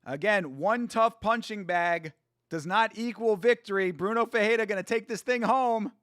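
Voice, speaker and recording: A high-voiced man hosts a casual live watch-along, swearing freely and trash-talking the fighters. He reads viewer chat aloud, answers it, and laughs often. The sound is close and dry, with no room echo. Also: moderate pace. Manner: excitable, profane, trash-talking. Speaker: host.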